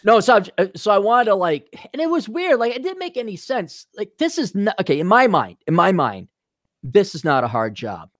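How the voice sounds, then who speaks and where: A man's voice: sits high, normal speed, no room sound, clean studio sound. Crude joking man on a video call. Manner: crude, joking, animated storytelling with voiced quotes. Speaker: podcast host. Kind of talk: casual chat.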